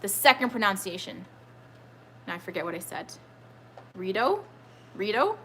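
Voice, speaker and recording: Bright-voiced chatty woman hosting live. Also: medium pitch, brisk, slight background noise. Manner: chatty, rambling, reads viewer comments aloud. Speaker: host of a trivia live stream. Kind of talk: casual live-stream chat. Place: home with children nearby.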